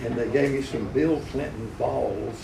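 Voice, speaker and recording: Gravelly man telling radio stories. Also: mid-range voice, a little slow, over a noisy crowd. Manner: folksy, chuckling, slips into character voices. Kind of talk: anecdotal storytelling at a live event. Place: event hall. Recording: echoey room, recorded from far off.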